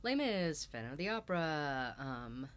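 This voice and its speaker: A woman's voice: low-pitched, big pitch swings, unhurried. A woman from Singapore, a stage manager, telling her story as an interview guest with light laughs. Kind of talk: casual interview.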